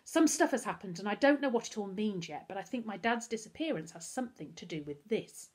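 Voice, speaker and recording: A determined, secretive boy ringleader from a storybook, quietly insistent and lively in his ups and downs, as a woman reading aloud puts him on. His tone is a little husky. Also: medium pitch, a little fast.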